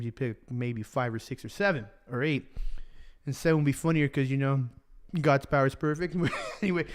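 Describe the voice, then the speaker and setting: A young man preaching a casual sermon, slangy and joking, often laughing at his own jokes. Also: fairly high pitch.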